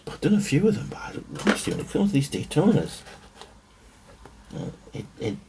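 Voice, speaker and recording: A man's voice: on the high side, sing-song, a little fast, background noise. A man thinking aloud to himself as he works, rambling and muttering. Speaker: watch-building hobbyist. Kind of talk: thinking aloud while working.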